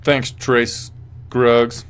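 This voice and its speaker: A man's voice: mid-range voice, flat delivery, very slow, smooth. A young man hosts a casual fight recap in a rambling, profane way. He swears freely and keeps answering viewer chat as he goes. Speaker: host. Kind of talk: casual MMA post-fight commentary.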